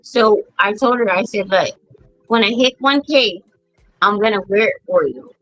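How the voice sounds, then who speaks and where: A woman's voice: medium pitch, normal speed, a bit bright, no room sound, faint music behind. A middle-aged woman hosting a podcast, telling family stories bluntly with plenty of swearing. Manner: blunt, profane storytelling. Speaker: podcast host. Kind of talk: casual chat. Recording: dull lo-fi sound.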